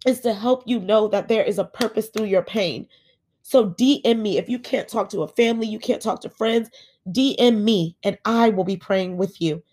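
A woman's voice: mid-range voice, normal speed, darkish tone. A woman hosting a faith podcast from her bed, earnestly encouraging her listeners and calling them guys. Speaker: podcast host. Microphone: home podcast setup.

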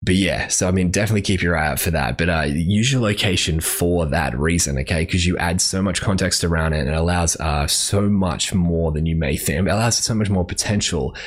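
A man with a very low voice hosts a casual solo podcast. He rambles loosely and fills pauses with "like" and "uh". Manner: rambling, with many fillers. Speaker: podcast host.

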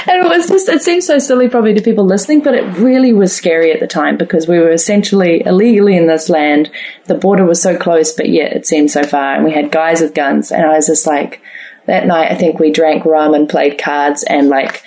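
A woman from New Zealand, a podcast guest telling a travel story, animated and laughing often. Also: on the low side, a little fast. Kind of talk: storytelling in an interview.

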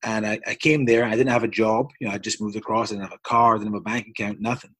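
Husky man telling a rambling story. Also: on the low side, steady tone, fast talker, fairly bright tone, dry recording. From Scotland. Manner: earnest, rambling storyteller with frequent restarts. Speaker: basketball coach, interview guest. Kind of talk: long personal storytelling in an interview.

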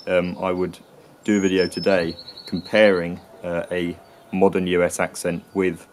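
A man explains the history of English accents in a casual teaching tone. His voice is very low and barely moves in pitch. He pauses often and fills the gaps with ums and restarts. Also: flat delivery, darkish tone, a little hiss or hum. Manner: hesitant, full of ums and restarts. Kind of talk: casual educational talk.

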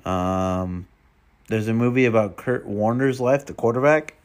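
A man's voice: lowish voice, unhurried. A man chatting casually and rambling to himself while browsing online, swearing often and muttering under his breath. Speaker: vlogger.

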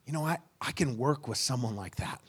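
A man's voice: medium pitch, a little fast, breathy edge. A male pastor tells a personal story during a sermon. He speaks in an everyday mid-range voice with a casual, conversational flow. He slips into the voices of the people in the story. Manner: animated, acts out dialogue; relaxed, conversational.

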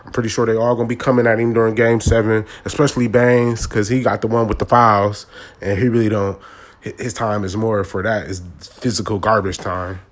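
A man's voice: on the low side, level tone, fairly quick. A man, ranting casually and animatedly about a sports game in slangy talk. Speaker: sports commentator.

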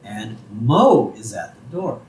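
A man's voice: mid-range voice, sing-song, slow pace, darkish tone, slight background noise. Male podcast co-host, easygoing, casual recap, short reactions, roomy sound, distant mic. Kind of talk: casual chat, episode recap.

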